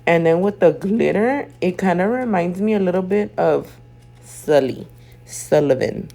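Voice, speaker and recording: A just-woken woman talks through a casual nail-video voiceover from home, her voice sitting low and full of gravelly fry. She chats in loose, swear-heavy slang and sounds drowsy, with a throat that keeps catching. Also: normal speed, mellow. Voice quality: throat feels off, clears throat. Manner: chatty, profane, slangy storytelling. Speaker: nail artist and video host. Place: at home doing her makeup.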